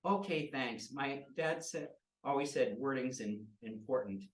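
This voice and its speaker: A small, naive girl adventurer , put on by a man, speaks slowly and hesitantly, full of innocent questions. The sound is roomy and comes from a distance. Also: mid-range voice, lively intonation, close to an everyday voice.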